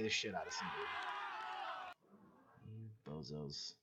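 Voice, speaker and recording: Male coach, low-pitched, blunt casual film breakdown with some cursing; muffled lo-fi recording with faint hiss. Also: moderate pace, long pauses, fairly bright tone, a faint crowd. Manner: blunt, swears casually, repeats himself. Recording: dull lo-fi recording.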